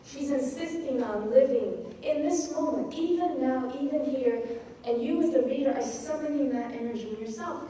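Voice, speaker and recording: A woman giving a lecture on poetry, reading lines aloud with expressive emphasis. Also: fairly high pitch, distant mic, slight background noise. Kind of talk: lecture on poetic rhythm. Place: lecture hall at a festival. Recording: echoey hall, recorded from afar.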